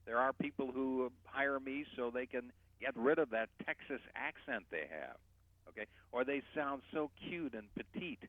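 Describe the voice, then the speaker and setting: A male voice coach guests on a radio talk show, explaining how people speak and demonstrating speech patterns. His medium-pitched voice is animated and moderately paced. The recording is dry and comes through a tinny phone line.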